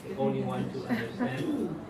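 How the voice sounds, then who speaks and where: A man's voice: medium pitch, big pitch swings, normal speed, recorded from a distance, heavy background noise. A man teaching a religious lesson to a class of students, emphatic and quizzing them with questions as he goes. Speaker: Islamic teacher. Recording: echoey room recorded from afar.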